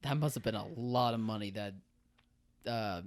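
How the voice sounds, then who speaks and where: A man's voice: fairly low pitch, normal speed. A man co-hosting a podcast, joking with short, playful interjections. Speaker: podcast co-host. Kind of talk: casual chat.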